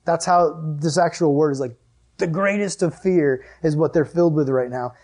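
Youth pastor, male, slightly high voice, chatty and emphatic sermon delivery with light jokes. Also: moderate pace, darkish tone. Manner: conversational, joking asides, emphatic. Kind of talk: casual sermon.

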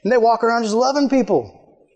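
A man preaching a sermon in a casual, animated way, acting out the people he quotes. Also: extremely high pitch, fairly quick.

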